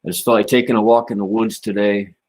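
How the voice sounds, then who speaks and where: Laid-back low-voiced man chatting on a livestream. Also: flat delivery, fast, darkish tone. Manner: laid-back, rambling, peppered with "man" and "you know". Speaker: livestream host. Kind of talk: casual livestream chat.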